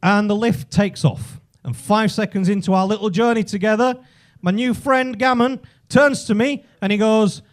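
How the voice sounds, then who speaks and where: A man with a Yorkshire accent doing an animated stand-up story on a comedy club stage into a handheld mic. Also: high-pitched, moderate pace. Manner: animated storytelling, builds to shouting.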